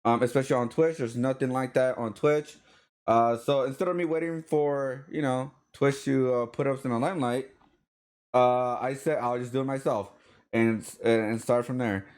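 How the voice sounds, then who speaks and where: A man's voice: medium pitch, steady tone, normal speed, a little mellow. Guy hosting a live artist podcast on stream, chatty and rambly, um and uh everywhere. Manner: loose and rambling, many fillers. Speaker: podcast host. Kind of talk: live-streamed casual interview.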